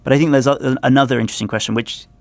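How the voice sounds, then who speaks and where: A man's voice: medium pitch, steady tone, very fast, no echo. A man contributing to a podcast discussion, talking through his ideas thoughtfully with hesitations and restarts. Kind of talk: conversational podcast analysis.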